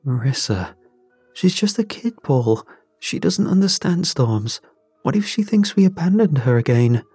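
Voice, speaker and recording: A man's voice: mid-range voice, extremely slow, a little mellow, breathy edge, no room sound, faint music behind, pitched above the performer's own voice, heavily acted. Man voicing an anxious pleading young woman. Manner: pleading, distressed.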